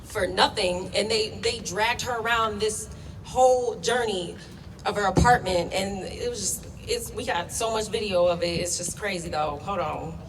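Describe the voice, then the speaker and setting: A woman's voice: mid-range voice, moderate pace. A young woman giving an impassioned, emotional speech at a protest, speaking bluntly and getting worked up. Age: young adult. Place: outdoor protest. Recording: distant, echoey, faint noise.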